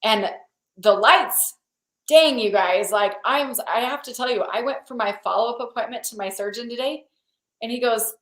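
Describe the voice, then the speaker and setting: A woman's voice: on the high side, normal speed, a bit bright, reverberant, rough recording. A woman hosting a video call, chatting casually and with enthusiasm. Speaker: host.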